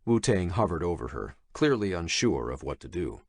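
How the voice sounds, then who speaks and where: A male narrator reading a thriller audiobook in a measured, expressive storytelling manner. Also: sits low, slightly rough, no echo, studio quality. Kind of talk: scripted horror thriller narration.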